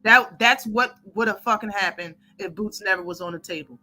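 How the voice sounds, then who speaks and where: Bright-voiced woman ranting on a live stream. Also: mid-range voice, moderate pace. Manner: blunt, profane, ranting. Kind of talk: heated live-stream commentary.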